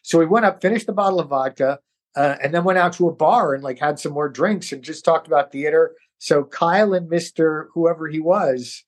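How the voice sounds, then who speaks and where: A middle-aged New York man, an actor appearing as a guest, tells stories in a relaxed interview with a slightly high, slightly quick voice. He's animated and mimics the voices of the people he quotes.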